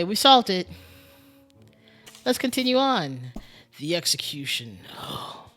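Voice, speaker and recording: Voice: medium pitch, fairly bright tone. A streamer thinking aloud during a casual live-stream game commentary, muttering and musing with lots of fillers.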